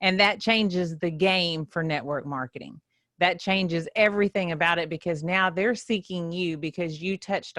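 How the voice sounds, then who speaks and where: A woman's voice: lowish voice, fairly bright tone, dry recording. A woman, chatting casually as a guest in the host's chair in a podcast studio. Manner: chatty, laughing, self-conscious, Southern "y'all" talk. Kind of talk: casual chat.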